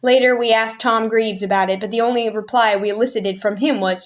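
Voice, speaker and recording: A woman reading a family memoir aloud in a steady, clear storyteller's voice. Her pitch sits a little high and she carries the narration smoothly between the characters' lines. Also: a little fast, hardly any pauses. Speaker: storyteller aunt.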